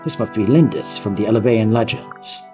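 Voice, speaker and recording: A man reading the lines of a young male prince leading an army, in a steady, earnest game-dialogue read. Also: fairly low pitch, fairly quick, music in the background, close to an everyday voice.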